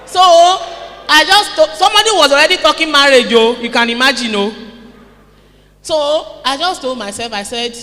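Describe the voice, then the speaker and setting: A Nigerian woman giving a lively motivational conference talk, calling out to her audience. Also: high voice, normal speed. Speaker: seminar speaker. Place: conference hall. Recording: echoey hall.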